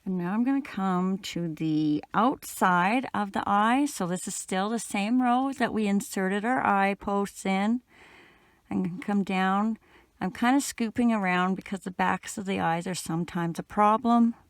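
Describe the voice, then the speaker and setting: A middle-aged woman from Canada giving a relaxed, chatty step-by-step crochet tutorial while she works. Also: mid-range voice, unhurried, no echo. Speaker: crochet instructor.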